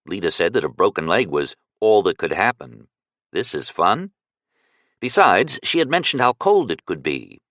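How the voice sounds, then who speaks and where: A man narrating a science fiction audiobook in a measured, expressive storytelling manner. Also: low voice, no room sound, studio quality. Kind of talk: scripted narration.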